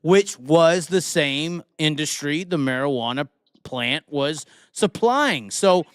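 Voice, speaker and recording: A man's voice: on the high side, expressive, takes it slowly, clean tone, no room sound, studio quality. A man hosting a casual live talk show, rambling and joking with a profane streak. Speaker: host.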